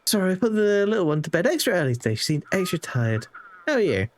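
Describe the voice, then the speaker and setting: A man's voice: sits high, sing-song, quick pace, voice pushed up. A man voicing a fretful young mother who chats over the radio in a game, reading her dialogue aloud. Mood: chatty, worried. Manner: chatty, fretful, affectionate.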